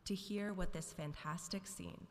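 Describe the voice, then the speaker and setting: A woman giving a slow, measured, dramatic scripture reading in a church service. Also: on the low side, a little mellow. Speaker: scripture reader. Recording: reverberant sanctuary.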